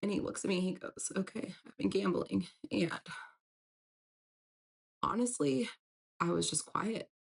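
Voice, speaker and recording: A woman's voice: medium pitch, unhurried, creaky, pauses often, slightly rough. A young woman candidly telling a painful personal story, getting emotional at the hardest parts. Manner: candid, breaks into tearful emotion at hard moments. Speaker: storyteller recounting a breakup.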